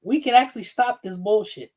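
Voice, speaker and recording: A man's voice: high voice, brisk, a little mellow. A man, ranting bluntly and profanely on a casual livestream. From New York City. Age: 50s. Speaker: livestream host.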